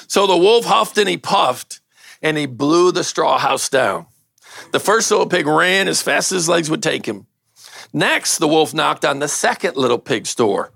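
A man's voice: on the high side, expressive, measured pace, gravelly, a bit bright, no echo. An older man, a pastor, giving a casual sermon, reading a story aloud and bantering with his audience.

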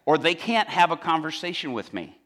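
A male preacher delivers a sermon with humor and animated storytelling. His voice is high and bright, and it swings widely in pitch as he talks. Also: normal speed.

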